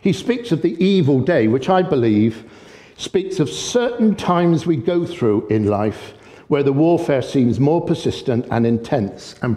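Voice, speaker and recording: A man preaching a sermon with impassioned energy, often getting excited and loud. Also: mid-range voice. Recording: long echoey hall reverb.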